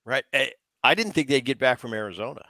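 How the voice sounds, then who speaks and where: A man's voice: medium pitch, lively intonation, fast, bright, forceful tone, dry recording. A man co-hosting a baseball podcast, a former player who talks in a casual, emphatic way and often repeats himself as he restarts. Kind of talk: casual sports talk.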